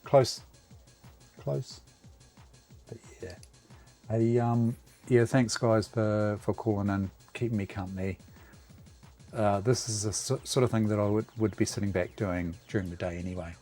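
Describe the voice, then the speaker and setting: A New Zealand-accented man with a lowish voice chats casually to his livestream viewers. His talk is easygoing and rambling. Soft music plays faintly in the background. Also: steady tone, normal speed. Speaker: livestream host.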